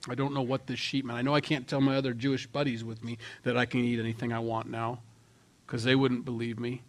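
A man's voice: mid-range voice, little pitch movement, fast talker. Man preaching in a chatty sermon. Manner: conversational, acts out quoted voices with shifts in loudness. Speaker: pastor.

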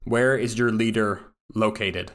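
A gruff, blunt soldier interrogator put on by a man with a lowish voice. He talks in a casual, clipped military way, as in a spoken tabletop game. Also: steady tone, measured pace, a bit bright. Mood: brusque.

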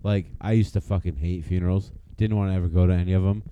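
A man's voice: deep voice, steady tone, quick pace, warm tone, muffled recording, slight background noise. A middle-aged man co-hosting a casual podcast chat, blunt and profane in a matter-of-fact way. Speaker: podcast co-host.

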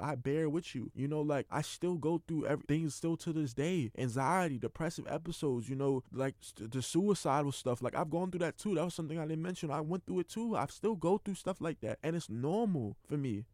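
Earnest and heartfelt, a young adult college football player opens up about his life on his own podcast, talking quickly and loosely with plenty of fillers. His voice is a little high and a little mellow, captured in a dry, clean studio recording.

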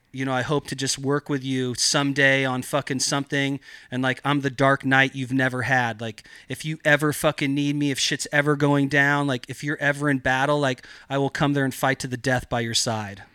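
A man's voice: medium pitch, clear, resonant tone, no echo, clean studio sound. A man guesting on a podcast, telling a story in a casual, rambling way, swearing a lot, filling his talk with fillers, and acting out the voices he quotes. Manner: profane, rambling, animated, heavy on fillers.

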